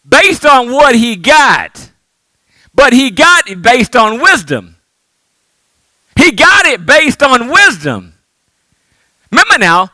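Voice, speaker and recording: A middle-aged man a sermon as pastor, calling for responses and swinging between loud shouts and hushed lines. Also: very high-pitched, dry recording.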